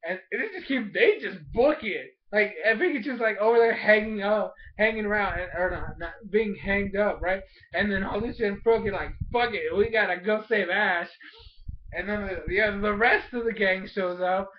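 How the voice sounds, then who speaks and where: Male reviewer, high voice, excitable casual recap with lots of fillers, dull lo-fi sound. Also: normal speed, hardly any pauses. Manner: animated, fills speech with "like", mild cursing. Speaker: episode reviewer.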